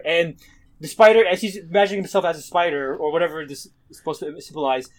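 A man in casual chat, quickly and animatedly retelling a comic's scenes. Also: a little high, steady tone. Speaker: podcast co-host discussing a comic.

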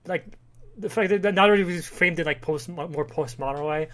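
A man co-hosting a podcast in casual chat, riffing with quick jokes. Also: high voice, a bit bright. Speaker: podcast co-host.

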